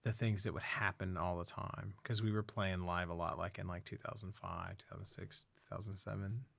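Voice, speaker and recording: A man's voice: deep voice, fairly even intonation, moderate pace, vocal fry, fairly bright tone. A man co-hosting a podcast in casual chat, loose and swearing often. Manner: loose, swears a lot, many fillers. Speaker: podcast co-host.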